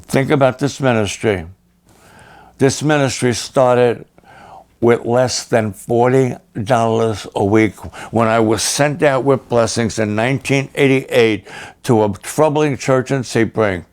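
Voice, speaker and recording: A man's voice: medium pitch, unhurried, a little mellow. An older man, a pastor, delivering a fundraising sermon with an emphatic, urgent, pleading delivery.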